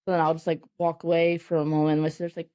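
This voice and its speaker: A woman in her thirties with a lowish, mellow voice. She talks candidly as a podcast guest, halting often and restarting her sentences, with plenty of filler words. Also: completely flat delivery. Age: 30s. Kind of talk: candid conversational interview.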